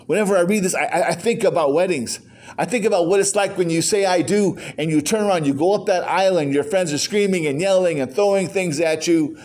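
A man's voice: sits high, brisk, a little mellow. An older man preaching a sermon as pastor, firing rhetorical questions with joking asides.

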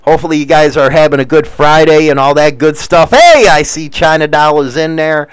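A man's voice: on the high side, a little fast, clean tone, no echo. A man hosting a casual live show, reading news items and rambling with profane, wisecracking asides.

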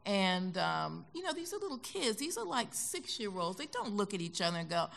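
An older American woman telling stories as a guest in an onstage conversation, animated and acting out the voices she quotes. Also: medium pitch, moderate pace, vocal fry. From United States. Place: concert hall stage.

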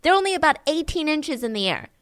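Animated woman telling a true story. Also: high voice, fast talker, dry recording, studio quality. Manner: animated, acts out voices. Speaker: podcast host. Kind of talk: storytelling true-crime narration.

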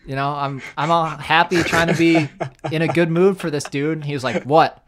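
A young man co-hosting a podcast, telling a story with lots of laughter. He acts out the people in it. His voice sits a little high for a man. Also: fairly quick, noisy background. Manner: animated, laughing storyteller who acts out quotes. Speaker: podcast co-host. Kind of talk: casual storytelling chat.

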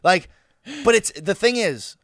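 A man's voice: high-pitched, unhurried, dry recording, clean studio sound. A man telling a story in casual podcast chat, acting out the quoted lines and swearing freely. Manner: animated, swearing, acts out quoted dialogue. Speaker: podcast co-host.

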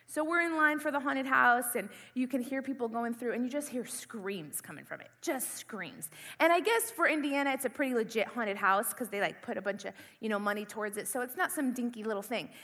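A young woman delivers a sermon through a lively personal story and acts out her own panic. Her voice is high and bright, and it rings with the long reverb of a large hall. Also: fairly quick. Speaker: preacher.

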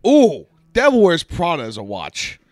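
Excitable man in a lively movie chat. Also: on the high side, a little slow, dry recording, clean studio sound. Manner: excitable, animated, swears freely. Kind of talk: casual movie reaction chat.

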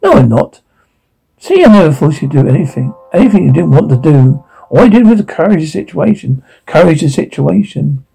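A man playing a gravelly, mocking captor guard. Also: a little high, sing-song, a little fast, mellow, heavily acted, low-quality recording. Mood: menacing. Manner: taunting, mocking, veers into rage. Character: menacing obsessive male security guard captor. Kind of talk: dark audio drama reading.

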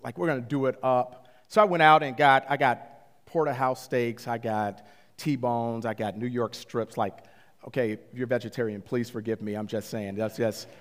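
A middle-aged man pastor telling a story in a sermon, animated and often climbing high when he retells conversations. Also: normal speed. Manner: animated, rising to excited high-pitched retellings. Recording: long hall reverb.

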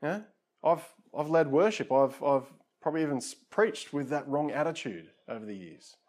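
A man's voice: on the high side, lively intonation, moderate pace, darkish tone. A man preaching a conversational sermon, casual and self-deprecating, with frequent asides to his listeners.

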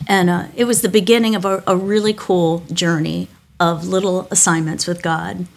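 A woman's voice: on the low side, steady tone, moderate pace, vocal fry. Woman pastor telling personal stories. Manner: candid, self-deprecating storytelling with small restarts. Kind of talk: devotional talk with personal stories.

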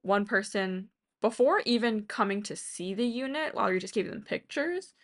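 A woman's voice: mid-range voice, expressive, normal speed. A young woman co-hosting a podcast in casual, rambling chat full of fillers. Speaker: podcast co-host.

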